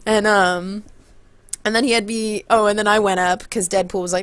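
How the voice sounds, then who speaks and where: A young woman telling a story in a casual vlog, excited and rambling, often backtracking to fix the order of events. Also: medium pitch, normal speed, clean tone, no echo. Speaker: vlogger.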